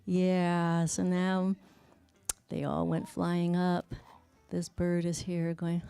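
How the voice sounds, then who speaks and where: Animated woman speech therapist teaching parents. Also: on the low side, unhurried, clear, resonant tone. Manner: animated, exclaiming while narrating a video for kids. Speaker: speech-language pathologist. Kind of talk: parent education class presentation.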